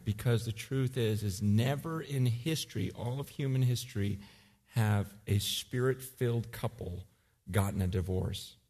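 A man in his forties preaching a sermon, acting out emotional scenes, then turning quiet and earnest. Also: fairly low pitch, a little slow, in a large hall. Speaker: pastor.

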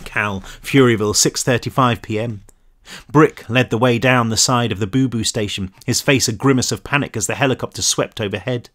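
A man reading his own novel aloud as tense, expressive audiobook narration. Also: medium pitch, brisk.

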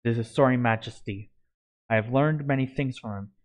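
Darrow is a stern, protective wolf spirit who speaks solemnly and firmly, as a man reads him. His voice sits at a middling pitch, low-key and level. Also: normal speed, natural voice.

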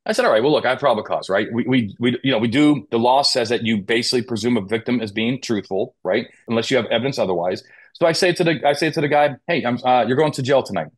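A man's voice: medium pitch, fast talker. A man on a police podcast who explains legal points with rhetorical questions and acted-out quotes. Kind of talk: conversational interview. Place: Las Vegas.

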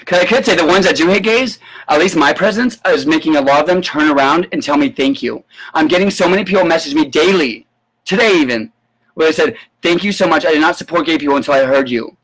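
A man giving an indignant live-stream rant, sarcastic and full of profanity, breaking into sudden high yelps. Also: fast talker, a bit bright, breathy edge, rough recording. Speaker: political commentator. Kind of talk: ranting live-stream commentary.

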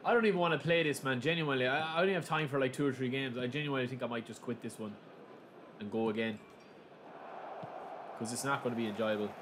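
A young man hosting a gaming channel, talking casually through a live match and breaking into loud, excited shouts. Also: mid-range voice, fast talker, long pauses. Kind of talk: live gameplay commentary. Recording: steady background noise.

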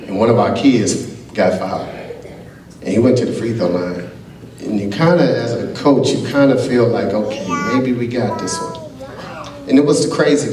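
A man, a college basketball coach, giving a keynote speech at a gala, telling animated stories and acting out the dialogue. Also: medium pitch. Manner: animated storyteller who acts out quoted dialogue. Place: large gala banquet hall. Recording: echoey hall picked up from a distance.

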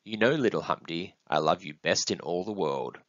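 A man voicing a gentle, patient mother camel in a storybook, speaking softly. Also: low-pitched, moderate pace, dry recording, close to an everyday voice. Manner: soft, warm, hushed. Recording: dull, dry close recording.

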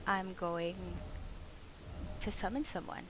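A woman streamer giving casual gameplay commentary, excitable and swearing, yelling at the game. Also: medium pitch, takes it slowly, background noise.

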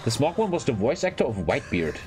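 A man hosting a reaction video, blunt, profane and excitable in casual commentary. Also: mid-range voice, quick pace, music in the background.

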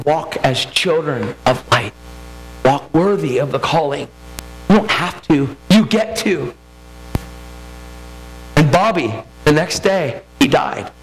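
A man whose voice is on the high side delivers his personal testimony in a sermon, the emotion mounting toward near-shouting. The recording is rough.

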